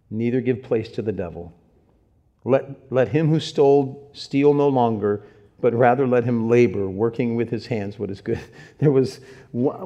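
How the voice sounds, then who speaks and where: A man from Ohio preaching a sermon, swinging between loud emphatic lines and hushed, slowed-down asides. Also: on the high side. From Cincinnati, Ohio. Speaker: pastor.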